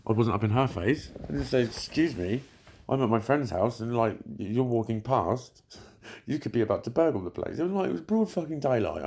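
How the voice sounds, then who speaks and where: A vlogger with a creaky, mid-range voice and a darkish tone tells a story to camera in casual talk, blunt and packed with swearing, laughing often.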